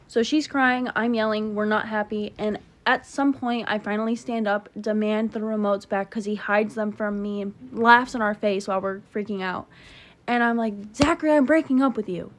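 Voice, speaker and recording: Chatty woman telling a breakup story. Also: medium pitch. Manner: rambling, emphatic, self-interrupting. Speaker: TikTok storyteller. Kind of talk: casual storytime.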